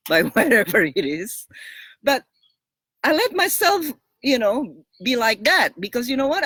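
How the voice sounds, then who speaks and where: A woman relationship coach giving frank, blunt advice in a casual monologue, animated and laughing between points, often repeating and restarting words. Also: medium pitch.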